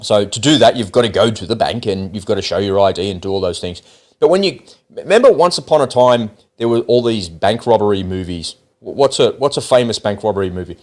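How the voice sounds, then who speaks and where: Fast-talking Australian man, animated. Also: fairly low pitch. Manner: animated storyteller who acts out quoted people. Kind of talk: casual chat.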